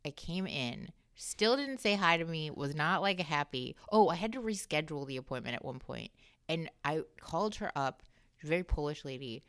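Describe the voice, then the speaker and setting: Woman, low voice, smooth tone, dry close sound, animated storyteller, podcast guest, swears casually. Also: moderate pace, dry recording. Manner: animated storyteller who acts out quoted dialogue and laughs often; swears freely in a candid, conversational tone.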